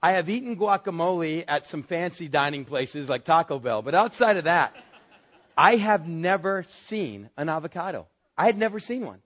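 A man from West Texas telling a personal story, lively and animated, acting out the voices in his dialogue. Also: a little high, moderate pace. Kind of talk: personal anecdote told to an audience. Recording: dull, lo-fi sound.

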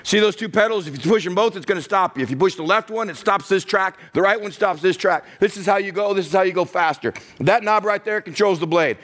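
A man's voice: sits high, fast, hardly any pauses, a bit bright. A middle-aged man preaching a sermon, telling a personal story and acting out the voices of the people in it. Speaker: pastor.

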